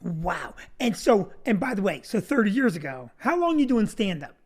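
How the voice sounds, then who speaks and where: A middle-aged man hosting a podcast, chatting casually and telling stories in an animated way. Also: high-pitched, normal speed. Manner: animated storyteller. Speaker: podcast host, comedy club owner. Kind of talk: casual interview chat.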